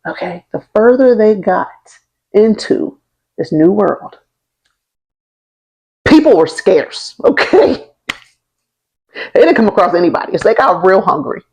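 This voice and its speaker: A woman's voice: medium pitch, a little mellow, low-quality recording. A young woman telling a history story in a casual, slangy way, laughing along and checking in with her listeners. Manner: chatty and slangy, often checking in with "right?" and "okay?". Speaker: history vlogger.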